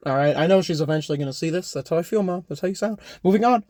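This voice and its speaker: A young adult YouTuber at home rambles through an unscripted comedic vlog, joking, correcting himself, and often adding "all right?" to his lines. His voice is a little high and a little mellow, racing along, recorded at studio quality with no room sound.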